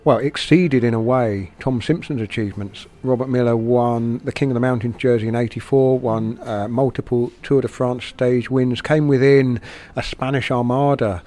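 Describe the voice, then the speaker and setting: A male interviewer lays out background before each question in a measured, even manner. His voice sits at a plain middle pitch.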